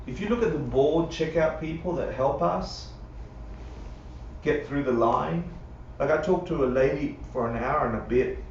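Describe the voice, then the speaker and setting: This man's voice is a little high and his speed normal as he teaches a live, conversational Buddhist class. He often checks in with those listening and dramatizes quotes. Slight background noise sits under roomy, dull livestream audio recorded from a distance.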